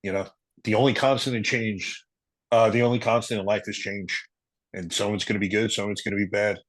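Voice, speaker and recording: A middle-aged man, a retired police officer, earnestly telling a personal story in an interview, halting and emotional at times. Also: lowish voice, fairly even intonation, no echo, rough recording.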